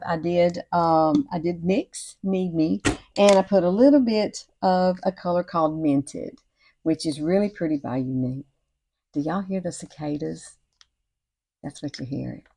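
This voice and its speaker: A woman's voice: lowish voice, lively intonation, a little slow, gravelly, mellow, breathy edge. Chatty woman in her sixties. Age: 60s. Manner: chatty and encouraging, often says y'all and girl. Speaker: beauty vlogger. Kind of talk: casual makeup tutorial. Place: home at night with cicadas outside.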